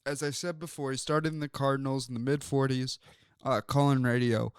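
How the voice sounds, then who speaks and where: A man's voice: mid-range voice, little pitch movement, brisk, clean tone, dry recording, clean studio sound. A man hosting a sports talk show, telling stories in a rambling way with many fillers. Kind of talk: casual sports talk monologue.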